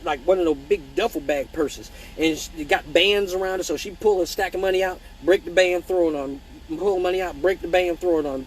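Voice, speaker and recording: In a rough recording with slight background noise, a high-voiced man runs a laid-back livestream Q&A about his work as an exotic dancer. He is blunt and profane, telling lively stories and reading out viewer comments.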